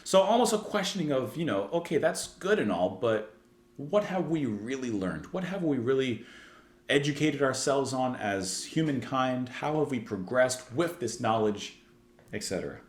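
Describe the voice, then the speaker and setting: Animated man gushing over a song. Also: medium pitch, normal speed, roomy sound. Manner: enthusiastic, rambling, full of "like" and restarts. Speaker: music reaction channel host. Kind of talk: casual spoken song review.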